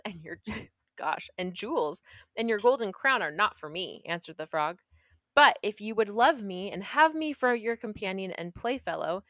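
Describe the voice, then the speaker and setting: A woman's voice: mid-range voice, fairly bright tone, dry recording. A young woman reading a fairy tale aloud and breaking off into playful, sarcastic jokes. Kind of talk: reading a story aloud with joking asides.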